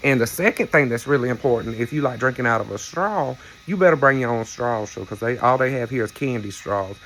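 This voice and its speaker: A man's voice: mid-range voice, a little fast, a bit bright, slight background noise. A man, chatting casually to his viewers in a rambling, storytelling way with playful teasing asides. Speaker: vlogger. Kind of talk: casual chat to camera.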